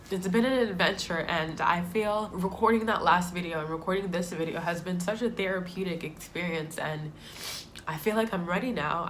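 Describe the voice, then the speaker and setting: A young woman in her twenties with a slightly low voice, telling a personal story to her camera. She sounds heartfelt and reflective, and a faint hiss of room noise sits behind her. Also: fairly bright tone. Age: 20s. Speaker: vlogger.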